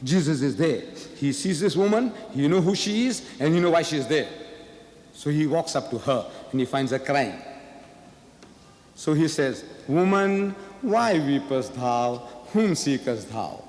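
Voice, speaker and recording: A man's voice: on the high side, lively intonation, moderate pace, a little mellow. Man in an echoey hall, debate speech. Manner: emphatic, repeats rhetorical questions. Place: large lecture hall. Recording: echoey hall, faint ambience.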